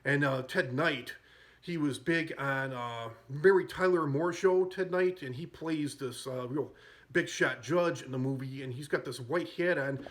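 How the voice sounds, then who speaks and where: A man's voice: mid-range voice, a little slow, fairly bright tone. A man hosting a podcast, casually retelling film scenes in a rambling way and chuckling as he goes. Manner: rambling, chuckles at his own stories. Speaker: podcast host.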